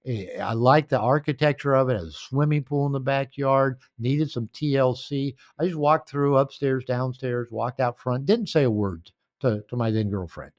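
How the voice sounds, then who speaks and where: A man's voice: mid-range voice, normal speed, hardly any pauses, no echo. Older man telling stories, dry sound. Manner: rambling, anecdotal, with restarts. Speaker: author and coach. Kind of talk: storytelling in a podcast interview. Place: home.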